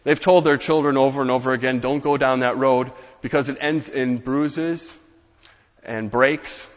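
A man's voice: mid-range voice, fairly even intonation, moderate pace. A young male pastor delivering a sermon, earnest and building to emphatic rhetorical questions. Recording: muffled, echoey church hall.

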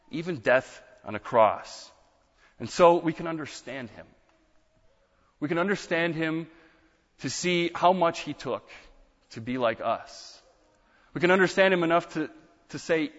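A man's voice: a little high, normal speed, long pauses. A man preaching a sermon as pastor, earnest and building to emphatic rises. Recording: muffled sound with long hall reverb.

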